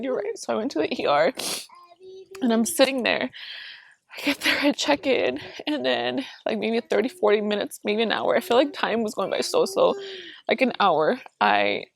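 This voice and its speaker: A woman's voice: fairly high pitch, gravelly. A young woman vlogger telling viewers a painful personal story in a candid, chatty way, full of fillers. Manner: candid, talks straight to viewers, many fillers. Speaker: family vlogger.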